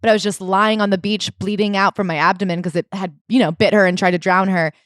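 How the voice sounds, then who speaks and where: Woman podcast co-host, casual animated storyteller, mid-pitched voice, dry close sound. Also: fast, no room sound. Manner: animated storytelling, retelling events with quoted voices. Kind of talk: casual book-club chat.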